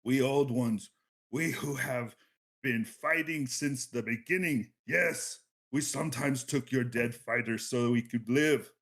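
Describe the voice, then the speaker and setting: A man reading out a huge clawed alien elder, loud, emphatic and drawn out. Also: mid-range voice, measured pace, voice pushed up. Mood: earnest.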